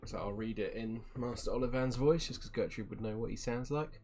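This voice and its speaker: A game master running a tabletop game, relaxed and quick to laugh. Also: medium pitch, soft background music.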